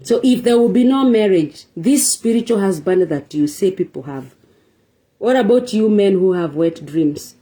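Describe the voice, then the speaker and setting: Woman, mellow voice, relationship talk host, rhetorical questions, repeats her points. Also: lowish voice, lively intonation, normal speed. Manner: rhetorical questions, emphatic repetition. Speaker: show host. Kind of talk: preachy relationship talk monologue.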